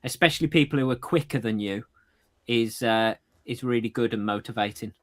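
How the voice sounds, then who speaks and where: A running podcast co-host with a medium-pitched voice talks fairly quickly during a remote call on AirPods. The chat is casual, and he stumbles and laughs at his own slips.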